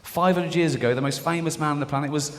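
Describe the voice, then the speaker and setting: A man's voice: a little high, quick pace. A man doing a stand-up comedy routine on stage, sardonic and mock-indignant, slipping into voices for the people in his stories. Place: large performance hall. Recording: live hall reverb with audience noise.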